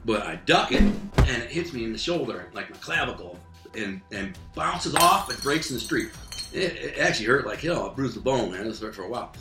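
A man tells a rough street story in casual, streetwise talk, animated and full of acted-out voices and sound effects. His pitch is medium and his pace fairly quick, recorded in an echoey room over music.

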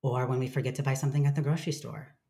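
This woman has an unusually deep, low voice. She talks openly and reflectively as an interview guest. She swears offhandedly and slips into playful voices when quoting her own self-talk. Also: fairly even intonation, rapid-fire, gravelly, warm tone. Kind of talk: candid conversational sharing.

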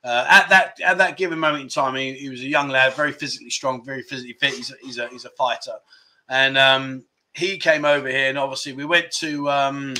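A man's voice: medium pitch, fairly even intonation, brisk, sharp tone. A middle-aged man, hosting a casual livestream, telling jokey stories and reading out viewer comments. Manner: chatty, jokey storyteller, laughs often. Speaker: livestream host.

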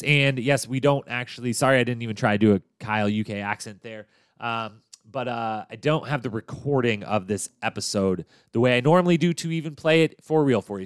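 A man's voice: medium pitch, clear, resonant tone, no room sound, studio quality. A man hosting a podcast, chatting casually through a recap of a TV episode in an upbeat, loose way with fillers and restarts. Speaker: podcast host.

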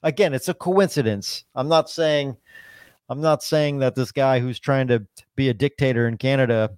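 A man's voice: medium pitch, normal speed, darkish tone, clear, resonant tone, no room sound. A man in casual podcast chat, rambling and swearing constantly, with lots of "like" and "dude".

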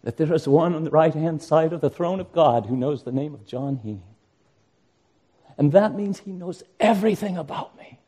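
Older male pastor, earnest sermon delivery, mellow, slightly higher voice. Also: slightly rough. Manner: earnest preaching, rising to impassioned emphasis.

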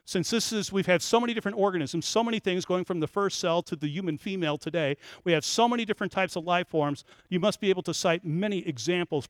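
A man speaks on biblical archaeology in a fairly high voice, telling a story to an audience. He talks in an animated way and builds to loud, emphatic peaks. The sound is dry and close. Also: clear, resonant tone, no echo.

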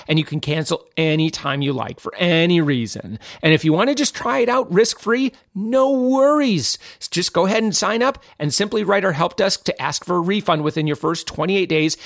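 Chatty high-voiced man with dry sound. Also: vocal fry, a bit bright, no echo. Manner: chatty asides and self-corrections while reading quotes. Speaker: host of a money-saving channel. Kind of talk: casual chat reading tips and pitching a membership.

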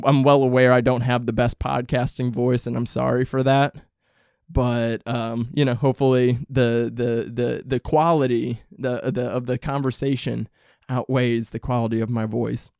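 Man, podcast host, gravelly voice, dry rough throat, rambling and swearing, dead dry sound. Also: medium pitch, level tone, normal speed, darkish tone, dry recording. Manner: rambling, candid and profane, with frequent restarts. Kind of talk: casual solo podcast chat.

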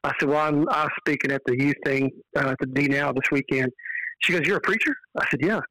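A man from Texas with a Texan accent, a podcast guest telling stories in an earnest, animated way. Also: mid-range voice, brisk, no echo, poor audio. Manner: earnest, animated storyteller who quotes dialogue. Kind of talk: casual storytelling on a podcast.

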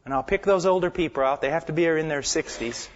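Male preacher with a high voice, impassioned sermon delivery that swings between loud emphasis and hushed tones, dull lo-fi recording. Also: fast talker, slight background noise.

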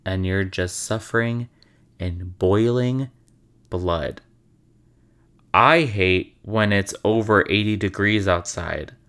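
A man tells stories with sarcastic asides and casual swearing. His voice sits low and smooth, and he takes his time over each line. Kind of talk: casual storytelling.

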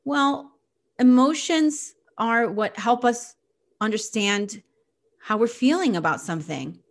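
In a fairly high, animated voice, a middle-aged woman reflects on psychology in an explanatory talk. Her manner is measured and gentle, and she frequently pauses on filler phrases.

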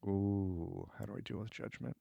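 A podcast co-host with a low, warm, slightly rough voice and vocal fry talks at a normal speed with fairly even intonation. In casual, reflective conversation he sounds thoughtful and searching, restarting sentences and now and then acting out his inner voice. The recording is dry.

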